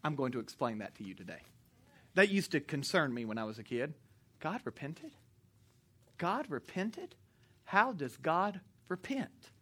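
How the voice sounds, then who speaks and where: A pastor preaching to a congregation in church, animated and joking, sometimes shouting. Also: male voice, on the high side, husky. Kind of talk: sermon.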